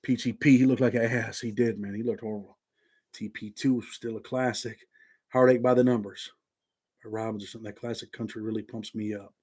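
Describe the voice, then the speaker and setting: A man's voice: fairly low pitch, steady tone, moderate pace, a little mellow, slightly rough. A man with a Southern accent hosting a live stream from his home office, talking in laid-back street slang. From Indiana. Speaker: channel host.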